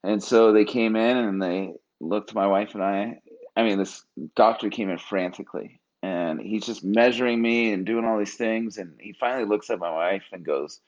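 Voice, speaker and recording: This thirtysomething man, a Marine Corps veteran guest, recounts a personal experience earnestly in casual talk, performing the quoted lines in voices. His lowish voice moves at a moderate pace and sounds a little mellow, though the lo-fi recording is dull.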